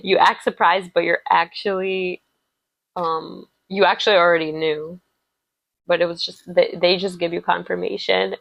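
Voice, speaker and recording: A woman's voice: on the low side, gravelly, no room sound, rough recording. A woman giving a casual, rambling tarot love reading, full of filler words and affirmations. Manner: chatty, rambling, many "like" fillers, warm affirming tone. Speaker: tarot reader.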